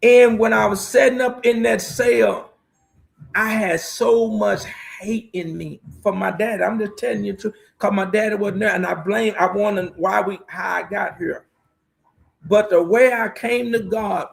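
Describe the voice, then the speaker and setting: A man's voice: sits high, unhurried, gravelly. A middle-aged man, a pastor telling his life testimony in a preaching storyteller's way. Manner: preaching storyteller, repeats "watch this here". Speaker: pastor guest. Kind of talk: emotional testimony.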